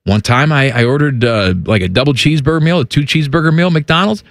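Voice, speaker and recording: A man co-hosting a show, telling a story in deadpan, casual comic chat. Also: fairly high pitch, fast, no room sound, studio quality. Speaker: show co-host.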